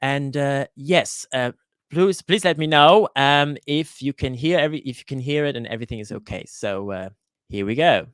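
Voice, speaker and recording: A man hosting a live Q&A for his cooking channel, chatting casually and greeting viewers by name, often pausing with "uh" and restarting his sentences. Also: mid-range voice, a bit bright, clean tone, dry recording, studio quality. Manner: hesitant, with frequent "uh" fillers and restarts. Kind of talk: live-stream Q&A chat. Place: lives in Switzerland.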